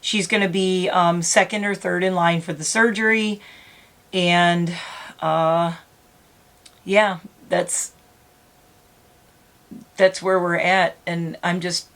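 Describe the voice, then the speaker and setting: A woman's voice: on the low side, steady tone, takes it slowly, long pauses, a bit bright. A middle-aged woman talking to camera from home, earnest and rambling, close to tears. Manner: earnest, rambling, self-correcting. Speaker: vlogger. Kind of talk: emotional casual vlog.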